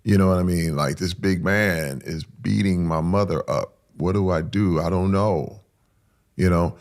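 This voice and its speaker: Gravelly deep-voiced man telling a raw story. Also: measured pace. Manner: intense, dropping to hushed whispers and rising in sudden loud bursts. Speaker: interview guest. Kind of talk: emotional personal storytelling.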